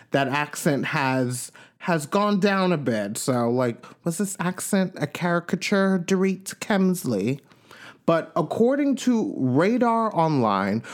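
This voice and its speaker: A man hosting a podcast, chatting in an animated way about celebrity gossip and reading news aloud with his own asides. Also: mid-range voice. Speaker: podcast host. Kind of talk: casual celebrity gossip commentary.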